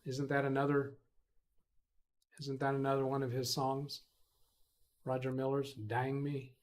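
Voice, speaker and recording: A man's voice: mid-range voice, completely flat delivery, a little slow, darkish tone. A man hosting a casual live stream, rambling as he reads chat messages aloud and answers them. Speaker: host of a live tech stream.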